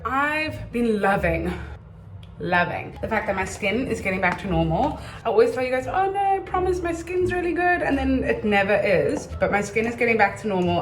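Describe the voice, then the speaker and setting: A young woman from South Africa, a vlogger and actor, chatting casually in a rambling, animated way in a room at home. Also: mid-range voice, roomy sound, a little hiss or hum, low-quality recording. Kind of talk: casual vlog chat.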